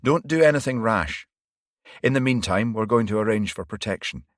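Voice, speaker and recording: A man reading a steady police detective in a low, calm voice that stays close to his own. The sound is dry and close-miked. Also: moderate pace, dry recording, natural voice.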